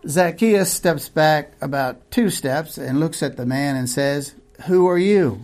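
A man's voice: on the high side, a little slow. A male preacher telling a vivid sermon story, acting out each scene.

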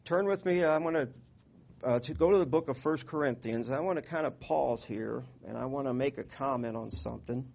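A man preaching a sermon in a folksy, conversational way, getting louder when he reads scripture. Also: mid-range voice, a little fast, gravelly. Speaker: pastor.

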